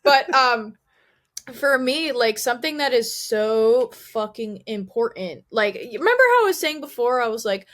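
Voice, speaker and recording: A young woman, a band singer, chatting casually as an interview guest, telling stories with lively quoted dialogue and casual swearing. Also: fairly high pitch, moderate pace. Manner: animated storyteller, swears casually, quotes others.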